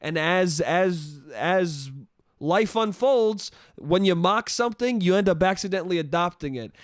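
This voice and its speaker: A young man hosting a solo podcast, telling a story in an animated, profane way and acting out the people in it. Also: high-pitched, measured pace, no echo, studio quality. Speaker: podcast host.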